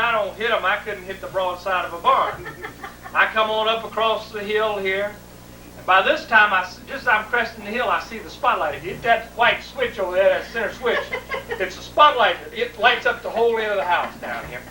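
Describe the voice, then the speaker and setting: A man's voice: high-pitched, sharp tone. A middle-aged man, telling a family story in a colorful, folksy way and laughing as he goes. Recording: roomy, distant home video with faint noise.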